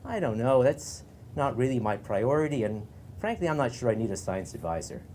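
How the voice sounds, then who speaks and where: A man's voice: mid-range voice, big pitch swings, fairly quick, a little mellow, slight background noise, lightly acted. A man voicing a hesitant, wary male politician in a joke told to a conference audience.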